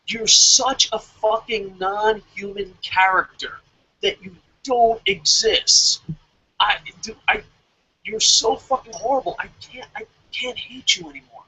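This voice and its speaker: A man's voice: high-pitched, pushed and bright, slightly rough, rough recording. A man ranting with heavy profanity and exasperation on a casual wrestling podcast. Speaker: podcast co-host.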